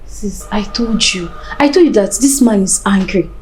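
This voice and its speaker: An actress playing a soothing, mellow-voiced sister. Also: female voice, medium pitch, expressive, moderate pace, slight background noise, natural voice. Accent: Nigerian. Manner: soothing, pleading. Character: calming younger sister, patient woman.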